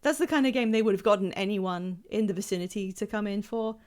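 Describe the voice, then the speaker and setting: A woman's voice: mid-range voice, fast, darkish tone. A woman streaming a video game, chatting casually in a rambling, self-deprecating way that trails off mid-thought. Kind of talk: casual live gameplay commentary.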